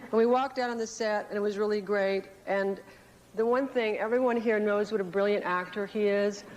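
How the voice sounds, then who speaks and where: A woman telling a halting, affectionate anecdote from a stage at an award tribute. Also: mid-range voice, steady tone, lo-fi sound. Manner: halting, affectionate, nervous storytelling. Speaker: actress giving a tribute.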